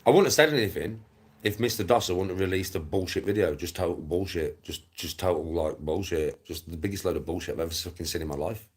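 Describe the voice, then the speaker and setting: A middle-aged man from England with a Black Country accent rants angrily on a livestream, his deep, husky voice moving at a quick pace. He's sweary and scornful, and he keeps repeating himself.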